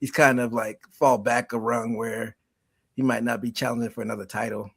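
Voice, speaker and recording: A man hosts an informal podcast discussion in a medium-pitched voice. He asks questions and pushes back on points in a relaxed, chatty way. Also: normal speed, creaky, slightly rough. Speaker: podcast host. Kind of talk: casual sports chat.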